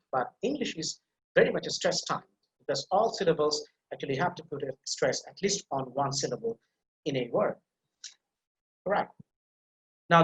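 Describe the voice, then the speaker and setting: A man's voice: on the high side, reverberant, slight background noise, rough recording. Bangladeshi man teaching pronunciation. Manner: repeats words slowly for drill, explanatory. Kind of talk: online lecture over slides.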